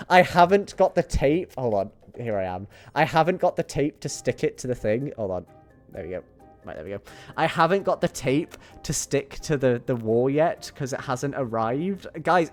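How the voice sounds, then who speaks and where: A young man streaming a game from his bedroom, chatting playfully and rambling to his viewers. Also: mid-range voice. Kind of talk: casual chat while gaming. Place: home bedroom.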